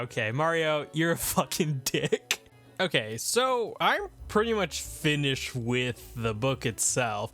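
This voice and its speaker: Male video host, fairly high voice, sarcastic and blunt with lots of swearing; soft music bed underneath. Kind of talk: comic book review commentary.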